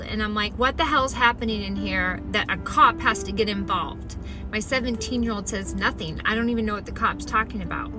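A middle-aged woman telling a personal story in a chatty, animated way, acting out the voices of the people in it. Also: mid-range voice. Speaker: storyteller recounting her own experience. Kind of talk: casual spoken storytelling.

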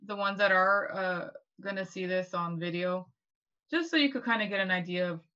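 A woman's voice: medium pitch, moderate pace, pushed and bright, highs cut off. A woman co-hosting a casual history discussion, rambling along with lots of "like" and restarts. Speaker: podcast co-host.

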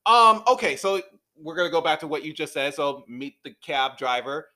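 A man co-hosting a casual movie review podcast who retells scenes with lively acted-out quotes. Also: a little high, moderate pace. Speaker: podcast co-host.

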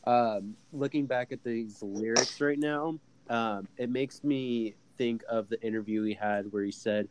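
A man's voice: medium pitch, unhurried, few pauses, no room sound, rough recording. A man co-hosting a casual podcast chat, telling stories with lots of fillers. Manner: animated storyteller, many fillers. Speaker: podcast co-host.

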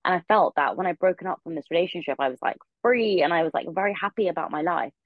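Podcast guest: young woman, low voice, rapid rambling storyteller, dull lo-fi dry recording. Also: dry recording. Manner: rambling, many filler words. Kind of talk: casual storytelling. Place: her room.

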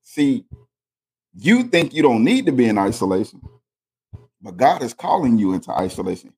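Guy preaching on a podcast, husky voice, tells stories with lots of emphasis. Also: mid-range voice, big pitch swings, moderate pace, darkish tone. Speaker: podcast co-host. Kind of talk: casual faith podcast chat.

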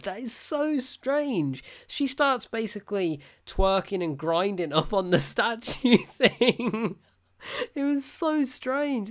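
Unscripted film reviewer: blunt, exasperated, sarcastic, laughs often. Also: mid-range voice. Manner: rambling and unscripted, with self-corrections. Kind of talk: casual spoken film review.

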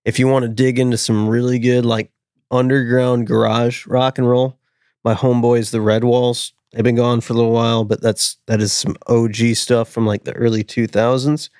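A man's voice: medium pitch, flat delivery, normal speed, a little mellow, dry recording, clean studio sound. A man chatting casually on a podcast, brash, profane and enthusiastic. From northern suburbs of Chicago. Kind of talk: casual chat.

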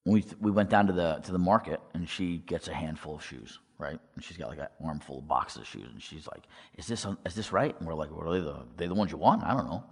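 Male speaker, very deep voice, testimony-style storytelling, reverberant hall. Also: lively intonation, fast, creaky, hardly any pauses, breathy edge. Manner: storytelling, acts out quoted dialogue, asks audience questions. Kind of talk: testimony talk to a congregation.

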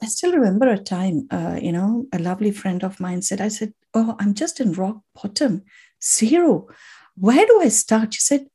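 A woman's voice: medium pitch, animated, normal speed, dark tone, slightly rough. A woman and native Tamil speaker, a podcast guest, telling her personal story with heartfelt gratitude, emotional and close to tears, often restarting her sentences.

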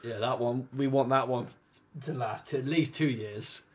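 A man with a husky, breathy voice, chatting casually as a podcast co-host. He asks his friend follow-up questions and cuts in with short, blunt exclamations. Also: medium pitch, normal speed, darkish tone. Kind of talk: casual chat.

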